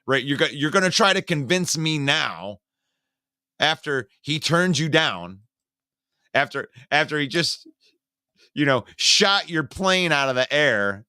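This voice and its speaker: A man hosting a live-streamed football talk show, casually greeting viewers by name, reading comments and giving opinionated, animated takes. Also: a little high, measured pace, smooth, no echo, clean studio sound. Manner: opinionated and animated, rants with sarcasm. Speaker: sports talk show host.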